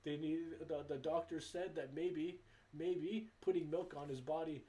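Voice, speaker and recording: A man's voice: fairly high pitch, fairly even intonation, a little slow, warm tone. Impassioned man preaching a sermon. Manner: impassioned, emphatic, repeats phrases, some stammering. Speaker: speaker at a religious gathering.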